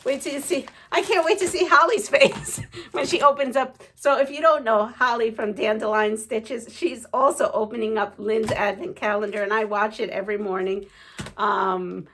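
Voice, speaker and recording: A woman's voice: fairly high pitch, moderate pace, slight background noise. Gushing, giggly woman vlogger. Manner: gushing and excitable, gasps and giggles; rambling, many fillers. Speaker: quilting vlogger. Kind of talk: casual unboxing chat.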